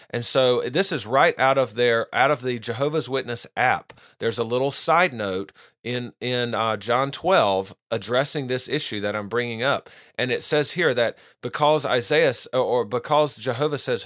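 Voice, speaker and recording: A man's voice: mid-range voice, a bit bright, dry recording, studio quality. A man giving unscripted Bible teaching, earnest and often restarting his phrases.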